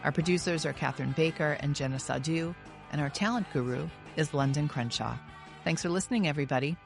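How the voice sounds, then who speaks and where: A woman's voice: deep voice, fast, vocal fry, music in the background. A woman from Staten Island with a New York accent, hosting a podcast interview in a chatty, enthusiastic manner. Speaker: podcast host. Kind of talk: casual interview chat. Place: recording studio.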